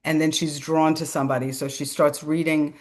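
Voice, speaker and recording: Low-voiced woman telling a story. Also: fairly quick. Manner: animated, acts out quoted voices, laughs between phrases. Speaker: podcast guest, author. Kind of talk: casual storytelling interview.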